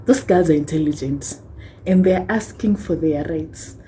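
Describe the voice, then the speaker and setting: A woman's voice: sits low, unhurried, dark tone, a little hiss or hum, low-quality recording. A young Kenyan woman with a Kenyan accent ranting on a vlog, impassioned and rhetorical, tagging points with "hmm?" and wry laughs. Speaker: vlogger.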